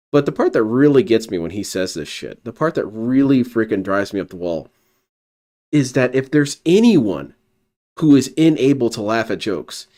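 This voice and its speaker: A man's voice: medium pitch, darkish tone. A man reacting to clips on a stream, talking back at them with sarcastic, mocking commentary.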